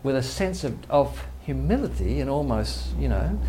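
A man's voice: medium pitch, animated, moderate pace, over music. A male pastor giving a conversational sermon, acting out quoted voices, with faint background noise.

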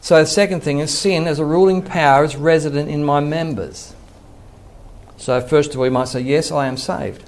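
A man's voice: on the high side, steady tone, normal speed. An older man, a pastor earnestly teaching a sermon and quoting scripture. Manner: earnest preaching, quotes scripture, chuckles to himself.

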